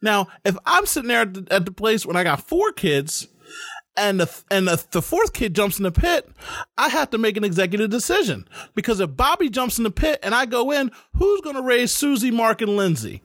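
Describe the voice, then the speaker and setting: Fast-talking high-voiced man. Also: no echo, clean studio sound. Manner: animated, fast-talking storyteller. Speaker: podcast host. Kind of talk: casual podcast chat.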